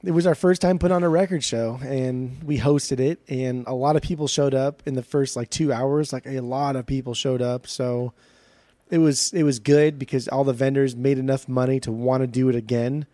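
A man co-hosting a podcast, telling a swearing, animated story in casual chat. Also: mid-range voice, normal speed, dry recording. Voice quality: profane, animated storytelling with quoted dialogue. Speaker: podcast co-host and record show organizer.

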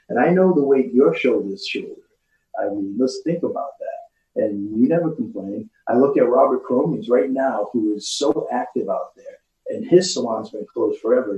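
Animated storytelling man in a roomy space. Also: medium pitch. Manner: storytelling with put-on voices and laughs. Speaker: podcast guest. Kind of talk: animated casual chat. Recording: roomy, distant, muffled recording.

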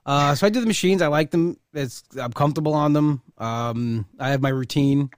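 Relaxed man in casual chat. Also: on the high side, normal speed, dry recording, studio quality.

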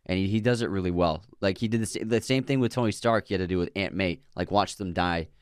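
A man's voice: sits low, fast, smooth, dry recording, clean studio sound. A man co-hosting a movie channel, chatting in an easygoing, agreeable way during a casual discussion about a film.

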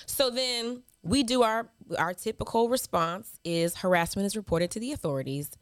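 A woman's voice: mid-range voice, normal speed, no echo, studio quality. A woman in her thirties co-hosting a podcast. She talks in a sassy, mocking way and reads hate mail aloud, laughing as she goes. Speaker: podcast co-host. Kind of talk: casual chat.

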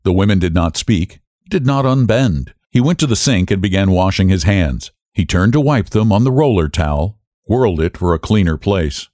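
Low-voiced expressive male narrator. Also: normal speed, dry recording, studio quality. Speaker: audiobook narrator. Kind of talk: scripted narration.

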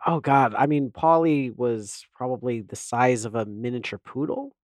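A man's voice: mid-range voice, moderate pace, no echo, clean studio sound. A man in a casual podcast chat, playfully telling a childhood story with self-deprecating humor.

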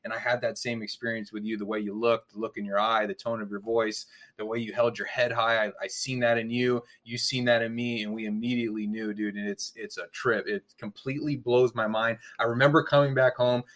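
A man's voice: lowish voice, little pitch movement, brisk, hardly any pauses, fairly bright tone. A man in heartfelt casual conversation about recovery, earnest and emotional, dropping "dude" and "man" often.

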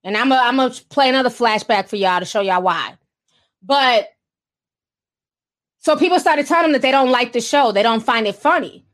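High-voiced woman, blunt and sarcastic. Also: normal speed, long pauses. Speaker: commentary vlogger. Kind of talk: casual gossip commentary.

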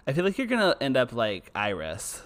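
A man's voice: mid-range voice, huge pitch swings, a little fast, a bit bright. A man co-hosting a casual podcast, campy and teasing in his banter. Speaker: podcast co-host. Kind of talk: casual chat.

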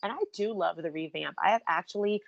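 A woman's voice: lowish voice, quick pace, vocal fry, dry recording, muffled recording. A woman hosting a podcast, chatting casually and bubbly with lots of asides. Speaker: podcast host.

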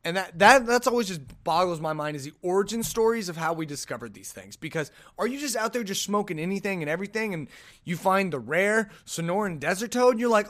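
A man with a slightly higher-than-average voice chats casually as a podcast host. He sounds animated and incredulous, often firing off rhetorical questions. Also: fairly quick. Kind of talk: casual solo podcast chat.

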